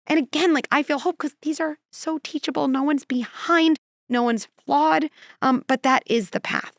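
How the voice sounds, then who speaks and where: A woman's voice: sits high, moderate pace, dry recording, studio quality. A female clinical psychologist, a guest in a conversational podcast interview, talking animatedly and acting out quotes and little scenarios.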